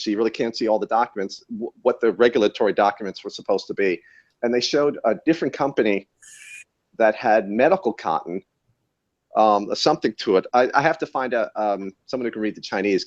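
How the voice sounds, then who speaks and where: Wry rambling man on muffled audio. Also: fairly low pitch. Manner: wry, rambling, self-correcting. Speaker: battery tester and guest. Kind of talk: casual podcast chat.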